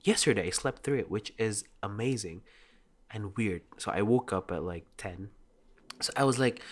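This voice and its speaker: A man's voice: fairly low pitch, very animated, moderate pace. A young man chatting casually and rambling, with lots of "like" and frequent laughter. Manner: rambling, heavy use of "like", laughs often.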